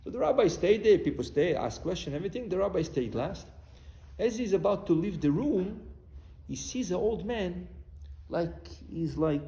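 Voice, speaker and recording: Rabbi preaching with lively pitch. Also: male voice. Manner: storytelling, mixing Hebrew words into English, bursts of loud cries. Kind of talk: sermon. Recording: roomy hall with faint ambience.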